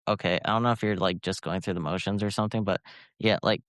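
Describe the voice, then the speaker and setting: A young man with a Michigan accent tells meandering stories in a casual podcast chat. His voice is smooth and resonant at a middling pitch. The sound is dry and close. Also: fairly even intonation, fast talker, no room sound. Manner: rambling, filler-heavy storytelling. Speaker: podcast co-host.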